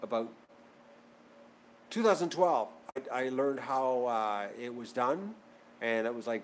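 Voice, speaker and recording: This channel host talks in a medium-pitched, expressive voice, unhurried and pausing often, with a little hiss or hum present. In his casual chat to viewers he rambles and says things over again as he gets worked up.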